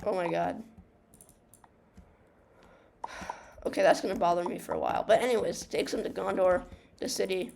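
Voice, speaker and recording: A woman's voice: fairly low pitch, moderate pace, vocal fry, long pauses, a little mellow, slight background noise. A young woman giving casual gaming commentary, rambling and ranting through a story retelling with many fillers, restarts and swearing. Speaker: gamer.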